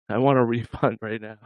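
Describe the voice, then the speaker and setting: A man's voice: mid-range voice, no echo, highs cut off. A man hosting a casual livestream, joking with viewers and laughing often. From Massachusetts. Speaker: livestream host.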